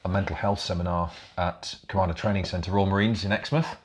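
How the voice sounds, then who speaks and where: A man's voice: low voice, fairly even intonation, a little fast. A middle-aged man from England telling his story as a podcast guest, blunt and darkly humorous, swearing often. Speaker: podcast guest, military veteran. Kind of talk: casual storytelling chat.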